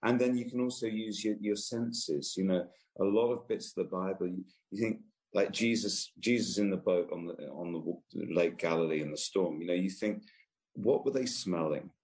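A man, an author answering interview questions in a gentle, unhurried way with frequent restarts. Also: low-pitched. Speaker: author and guest.

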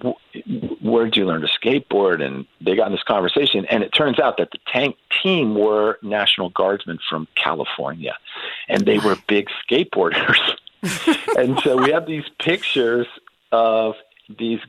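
A middle-aged man telling a long personal story in casual conversation, halting and restarting with frequent ums. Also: lowish voice, expressive, a bit bright, poor audio. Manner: unhurried, halting anecdote with many restarts and ums. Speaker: guest.

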